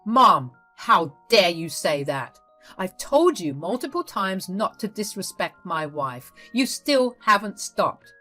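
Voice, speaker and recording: A woman's voice: mid-range voice, animated, a little slow, fairly bright tone, faint music behind. A woman doing an outraged young husband. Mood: angry. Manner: indignant, scolding. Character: angry protective young husband.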